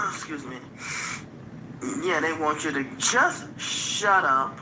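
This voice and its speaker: A woman in a played stream clip rambling on about being harassed and manipulated, with many pauses and fillers. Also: sits low, sing-song, noisy background. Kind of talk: rambling monologue.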